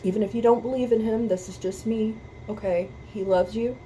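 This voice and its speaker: A woman's voice: fairly high pitch, steady tone, brisk, hardly any pauses, noisy background. A woman hosting a music reaction video, talking earnestly about faith and repeating her points for emphasis, close to tears. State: emotional, near tears. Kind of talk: heartfelt talk to camera about faith.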